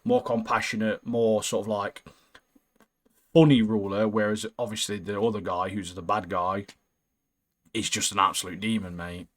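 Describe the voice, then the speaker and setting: A man chatting casually about an anime as podcast co-host, slangy and animated, trailing off quietly at the ends of lines. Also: on the low side, moderate pace. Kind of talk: casual anime recap chat.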